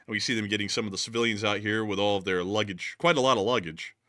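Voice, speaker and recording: A man's voice: fairly low pitch, steady tone, fast, pushed and bright, no room sound, studio quality. A man hosting casual war news commentary, explaining footage and cracking jokes as he goes. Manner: joking, laughs often, explains as he goes.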